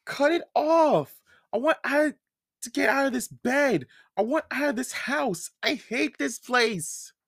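A man reading a storybook aloud, voicing a sobbing, furious teenage girl in a high, strained voice. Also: animated, slow, gravelly, fairly bright tone, no room sound, studio quality, exaggerated voice. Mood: upset sobbing.

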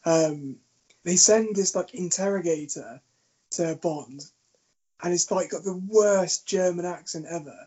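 Husky and high-voiced, this man speaks a little slowly while co-hosting a podcast, cursing freely and laughing often through lively stories in relaxed conversation. The audio is dull and lo-fi.

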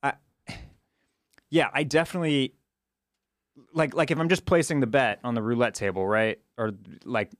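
A man co-hosting a podcast, chatting casually and quick to agree. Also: mid-range voice, fairly even intonation, no echo, clean studio sound. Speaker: podcast co-host. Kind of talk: casual recap chat.

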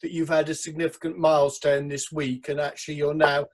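A man's voice: on the high side, little pitch movement, fairly quick. A man in his forties, a regular panelist speaking in a playful, teasing way on a video call. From England. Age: 40s.

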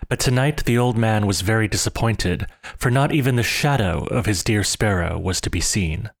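Man, narrator, storybook reading, steady, expressive. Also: on the low side, normal speed, vocal fry. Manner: steady, expressive read-aloud.

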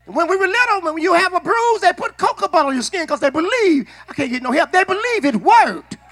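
In a church sanctuary, a man delivers a sermon in a very high, bright, forceful voice, slightly fast and highly animated. He leads the congregation in call-and-response, repeats words and restarts phrases often, and builds up to shouting.

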